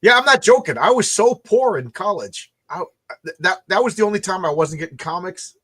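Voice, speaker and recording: A tired man with a fairly high voice tells stories in a loose, rambling way, restarting his sentences and repeating words. He talks casually, as if chatting late at night with friends. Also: animated, brisk, sharp tone, husky. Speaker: comic book creator hosting a launch stream.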